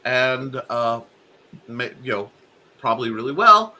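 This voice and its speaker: A man hosting a casual chat show, animated and quick to laugh, with many fillers and restarts. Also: medium pitch. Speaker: host.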